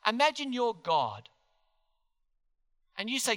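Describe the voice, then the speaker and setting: Animated, earnest male pastor preaching in a hall. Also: sits high, normal speed. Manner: animated, earnest, asks the congregation questions. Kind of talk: sermon. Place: church hall. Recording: long hall reverb.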